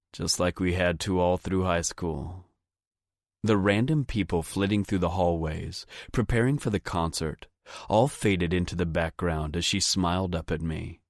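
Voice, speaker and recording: Deep-voiced man, first-person romance audiobook narrator, close dry studio sound. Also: no echo. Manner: low, intimate, frequent swearing.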